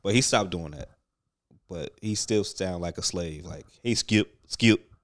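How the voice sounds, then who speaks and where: A man's voice: low-pitched, a little slow, no echo, clean studio sound. A man co-hosting a podcast, talking loosely and profanely in casual chat and laughing often.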